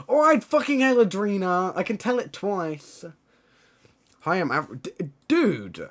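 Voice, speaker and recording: A male streamer chatting casually on a live stream, swearing often and breaking into loud exclamations. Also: fairly high pitch, wildly swooping pitch, normal speed.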